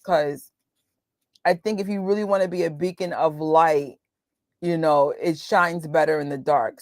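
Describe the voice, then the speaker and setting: Chatty New York woman, low voice. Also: dry recording, clean studio sound. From New York, USA. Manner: chatty, laughing, quotes voices. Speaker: watch party host. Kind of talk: casual chat with live viewers.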